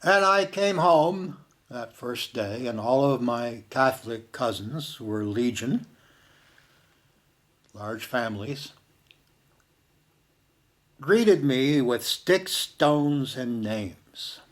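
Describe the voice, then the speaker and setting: An older man from Canada telling a personal story in a slow, reflective way, dropping to a hush for quoted words. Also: medium pitch, lively intonation.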